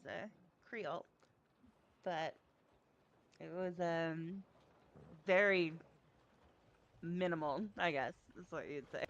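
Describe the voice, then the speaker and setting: A woman's voice: on the low side, dull audio. A woman roleplaying in character, friendly and hesitant with many ums.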